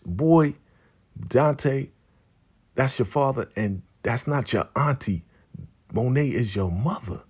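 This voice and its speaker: A man's voice: on the low side, animated, moderate pace, warm tone, pitched above the performer's own voice. A man voicing a sassy teenage girl who bluntly spills family secrets. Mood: taunting. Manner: blunt and taunting.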